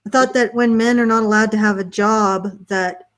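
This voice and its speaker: A woman's voice: mid-range voice, fairly even intonation, normal speed, fairly bright tone. A woman co-hosting a casual podcast discussion, wry and argumentative in a frank way. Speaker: podcast co-host.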